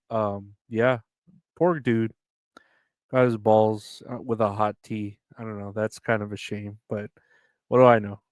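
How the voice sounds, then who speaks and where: A man's voice: mid-range voice, no room sound, studio quality. A man hosting a solo podcast, reading news aloud and riffing on it in a rambling, sarcastic, profane way, tired and yawning. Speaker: podcast host.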